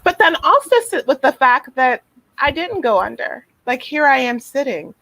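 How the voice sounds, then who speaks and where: Gentle, higher-voiced woman on a call. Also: animated, normal speed, dry recording, low-quality recording. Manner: gentle, reflective, many fillers and restarts. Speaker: guest therapist. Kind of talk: casual interview talk.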